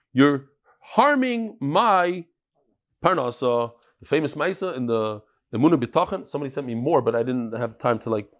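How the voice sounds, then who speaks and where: A man teaching a daily Talmud class in a casual, lively way, mixing English with Hebrew, Aramaic and Yiddish terms and telling stories with quoted voices. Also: a little high.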